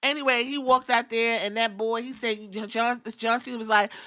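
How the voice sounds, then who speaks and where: A woman's voice: on the high side, steady tone, moderate pace, bright, forceful tone, no room sound, clean studio sound. A woman hosting a podcast, recapping wrestling in a sassy, profane way and mimicking the wrestlers. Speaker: podcast host.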